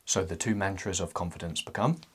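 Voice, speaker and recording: A young man with a fairly low, husky voice talks to his viewers. He delivers a scripted self-help monologue and breaks it up with playful, joking asides. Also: fairly quick.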